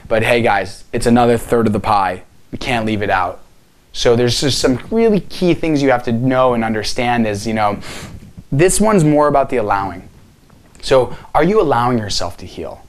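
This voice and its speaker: Speaking to camera as a healing coach, a man gives an earnest motivational talk at a moderate pace in a medium-pitched voice. He addresses the viewer directly and poses many rhetorical questions.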